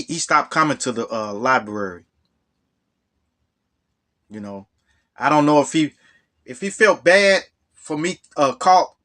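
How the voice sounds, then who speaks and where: A man tells a true story casually in a fairly bright tone. He repeats words, and his voice jumps up high whenever he gets indignant.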